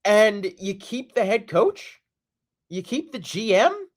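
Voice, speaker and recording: A man's voice: sits high, very animated, takes it slowly. A man hosting a solo sports podcast, ranting in an exasperated, repetitive and emphatic way. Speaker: podcast host.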